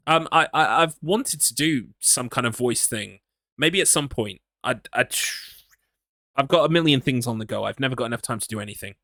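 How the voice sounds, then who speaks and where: A man's voice: medium pitch, lively intonation, brisk, sharp tone, no echo, clean studio sound. An English man streaming a horror game, chatting casually and rambling, teasing himself as he reads his chat. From England. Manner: rambling, self-mocking, talks to himself.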